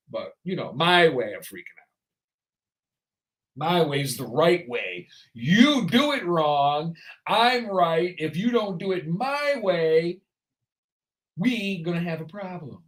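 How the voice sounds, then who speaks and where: Male talk host, high voice, sarcastic, rants on air. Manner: sarcastic, ranting. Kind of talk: solo talk show commentary.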